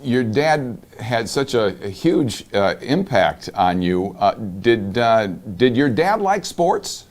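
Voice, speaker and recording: A man interviewing a guest, asking his questions slowly and hesitantly with fillers. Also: mid-range voice, big pitch swings.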